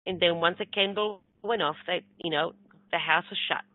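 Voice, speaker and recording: A woman speaking as a spiritual medium, telling a personal story in a lively way and acting out the voices of people she quotes. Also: on the low side, normal speed, no room sound. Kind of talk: storytelling talk. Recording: tinny phone-like sound.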